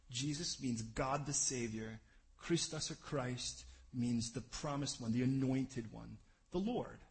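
A man preaching a sermon, speaking earnestly to his congregation and building to loud, rapid lists of scripture references. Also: medium pitch, low-quality recording. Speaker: pastor.

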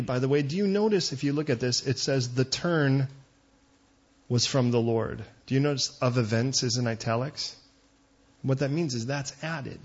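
A man preaching a sermon as pastor, conversational with joking asides and quick digressions. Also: medium pitch, a little mellow, slightly rough, dull audio.

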